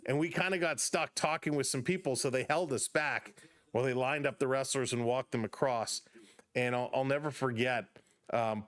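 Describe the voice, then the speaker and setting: A man's voice: mid-range voice, fairly bright tone, dry recording. Chatty middle-aged man calling baseball. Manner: chatty, reads viewer comments aloud between calls. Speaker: live-stream host. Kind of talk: live play-by-play with chat reactions.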